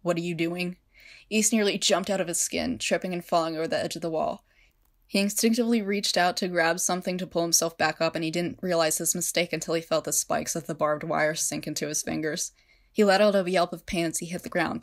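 Young woman narrator, lowish voice, casual fan-story reading. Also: gravelly. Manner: casual, chatty asides. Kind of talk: reading fan fiction aloud.

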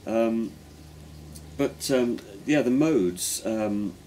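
A man's voice: mid-range voice, expressive, drawn-out words, mellow, a little hiss or hum. A man, a folk pipe player, explaining musical ideas in a thoughtful, step-by-step way during a casual conversation. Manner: thoughtful, explanatory, talks in careful steps.

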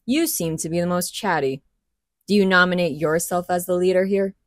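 A woman's voice: on the low side, steady tone, normal speed, dry recording, studio quality, natural voice. A woman voicing a defiant young woman rebel who taunts coolly. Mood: taunting. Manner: cool, taunting.

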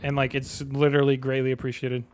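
A young man streaming a game live, chatting to viewers in slang and bursting into excited yells. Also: mid-range voice, fast talker, slight background noise.

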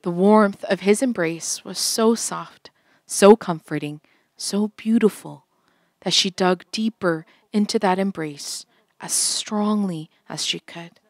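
A woman's voice: mid-range voice, slow pace, no echo, clean studio sound. Woman telling an earnest sermon story.

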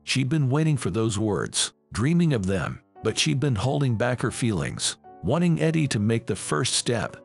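Gravelly male story narrator. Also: mid-range voice, big pitch swings, normal speed, few pauses, soft background music.

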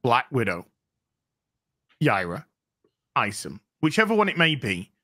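Lively-voiced woman asking questions. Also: rumbling low, a little slow. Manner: questioning, restarts her sentences. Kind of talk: casual podcast chat.

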